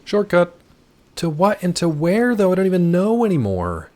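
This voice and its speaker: A man's voice: high-pitched, huge pitch swings, moderate pace, darkish tone. A man streaming a video game live, chatting casually and answering his chat with wry asides.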